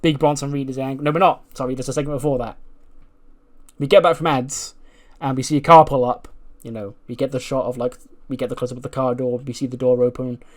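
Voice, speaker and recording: A man's voice: mid-range voice, fast. A man narrates a wrestling management game playthrough like a running story. He talks casually and with energy, and his voice sits in a middle range for a man. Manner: animated storytelling, acting out characters. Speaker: gaming YouTuber. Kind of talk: recounting a wrestling sim playthrough.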